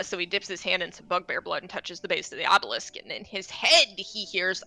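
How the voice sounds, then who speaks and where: A woman casually recapping a tabletop game session, with wry, deadpan asides. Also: mid-range voice, fairly quick, gravelly, few pauses, faint music behind.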